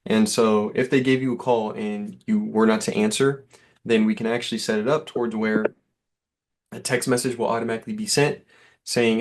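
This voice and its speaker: Man, lowish voice, laid-back sales pitch, lots of ums. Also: steady tone, moderate pace, a little hiss or hum. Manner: easygoing, reassuring, filler-heavy. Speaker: software sales rep. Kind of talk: sales demo call.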